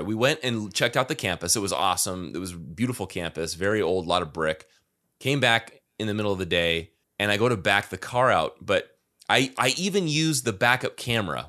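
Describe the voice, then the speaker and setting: A man's voice: lowish voice, sharp tone. A man co-hosting a podcast, telling a rambling story in casual chat and laughing at himself. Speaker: podcast co-host.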